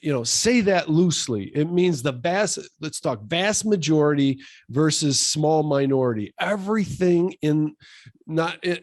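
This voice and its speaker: A man's voice: fairly high pitch, darkish tone, dry recording, clean studio sound. A man in his sixties co-hosting a podcast, musing aloud in casual opinion chat and often restarting his sentences. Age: 60s. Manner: rambling, thinking aloud with restarts. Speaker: podcast co-host.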